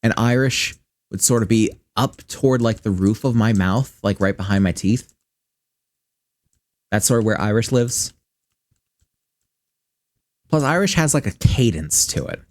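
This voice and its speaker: A man with a lowish, animated voice speaks at a measured pace, pausing often, in a slightly mellow tone with no echo. He's a Michigander with a general Midwestern accent, casually rambling and swearing as he thinks aloud during a game stream.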